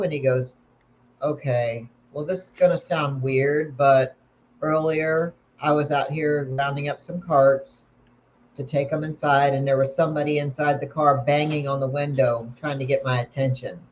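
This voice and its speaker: A woman paranormal investigator tells a story in casual chat, acting out everyone's lines with plenty of life. Her voice comes through dull and lo-fi, with a faint hiss underneath. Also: sits low. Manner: animated storyteller acting out dialogue. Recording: dull lo-fi sound with faint noise.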